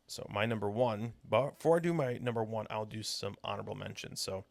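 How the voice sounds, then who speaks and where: A man's voice: on the low side, fairly quick, vocal fry. A man co-hosting a podcast in casual chat, rambling and laughing often as he talks. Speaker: podcast co-host.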